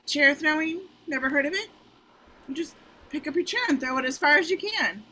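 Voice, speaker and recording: A woman's voice: high-pitched, fairly quick, bright, forceful tone, low-quality recording. A woman reading a breezy, flirty spy. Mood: playful. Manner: breezy, playful line delivery. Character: confident, flirty female spy. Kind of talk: amateur script reading.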